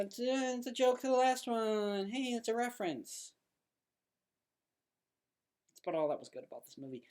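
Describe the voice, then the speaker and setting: A male podcast host giving casual movie reviews in a blunt, ranting way. He is opinionated and quick to dismiss what he dislikes. He often trips over his words and corrects himself mid-sentence. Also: sits high, a little mellow.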